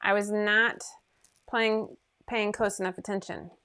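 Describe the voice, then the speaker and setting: Woman host, mid-pitched, rambling and self-deprecating, live sewing chat over a computer mic at home. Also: fairly even intonation, measured pace, sharp tone. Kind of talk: casual livestream chat.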